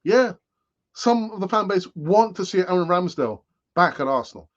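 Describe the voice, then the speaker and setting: A man's voice: high-pitched, lively intonation, normal speed, highs cut off. Rambling man in his late fifties. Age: late 50s. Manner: rambling, with sighs and asides. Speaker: football fan channel host. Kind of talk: casual live-stream commentary.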